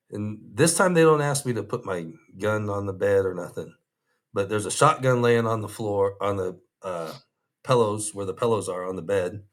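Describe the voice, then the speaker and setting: A man with a low voice tells a story in an interview. He acts out the other people, lifting his voice for their lines. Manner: animated retelling, quoting others in raised voices. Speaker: former undercover officer telling a story.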